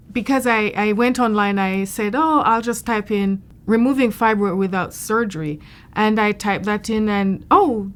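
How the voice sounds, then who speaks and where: Frank woman sharing a personal story. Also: medium pitch. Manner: frank, personal and matter-of-fact. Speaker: patient giving a testimonial. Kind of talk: candid testimonial interview.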